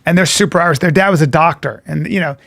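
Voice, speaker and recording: A podcast host in casual chat who tells loose, profane stories. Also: male voice, on the high side, quick pace, gravelly, no room sound, studio quality. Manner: profane, animated storyteller.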